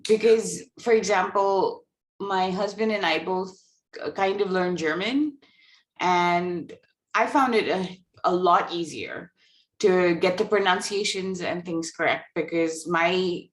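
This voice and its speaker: Woman, Hindi first language, course participant, curious halting question, lowish voice, echoey. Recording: roomy echo.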